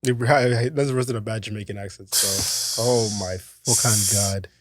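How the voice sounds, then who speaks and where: A young man co-hosting a casual podcast, easygoing and quick to laugh, reading out discussion prompts. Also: lowish voice, steady tone, a crowd in the background. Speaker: podcast co-host. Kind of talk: casual chat.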